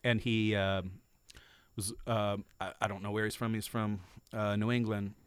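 A man's voice: on the low side, level tone, normal speed, clear, resonant tone, no room sound. A man from the US South, a guest musician, telling rambling, self-mocking stories in a casual podcast chat.

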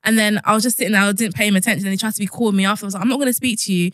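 A woman's voice: medium pitch, flat delivery, racing, fairly bright tone, dry recording. A young woman rattles off stories from her care work, chatty and blunt, full of fillers. Her voice sits mid-range and the close recording is dry. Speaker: care worker. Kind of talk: casual conversation.

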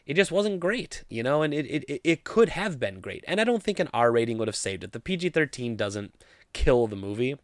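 A man's voice: mid-range voice, very animated, brisk, dry recording, clean studio sound. A man giving a casual, opinionated movie review, sounding exasperated as he critiques the film.

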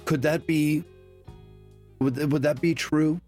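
A man's voice: fairly high pitch, fairly even intonation, slow pace, darkish tone, soft background music. A man playing a tabletop role-playing game in character, polite and formal, addressing others as sir. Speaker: tabletop player.

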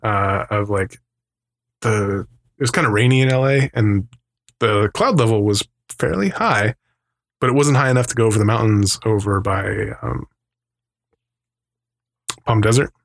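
A man's voice: on the low side, a little slow, creaky, pauses often. A man co-hosting a podcast, telling stories in casual chat with a rambling, laughing manner and acting out the voices of people he quotes. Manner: rambling storyteller who acts out quoted voices; laughs often between remarks. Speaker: podcast co-host.

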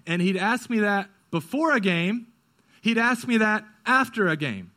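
A male pastor preaching a sermon, moving from quick, urgent stretches to hushed, slow ones. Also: high voice, big pitch swings.

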